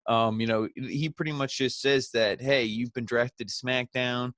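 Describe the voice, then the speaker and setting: A wrestling review host talks casually through an episode, ranting with sarcasm and slipping into quick impressions of the wrestlers. His middle-pitched voice has fairly even intonation and a fairly bright tone. It's a dry, close recording with no surrounding room.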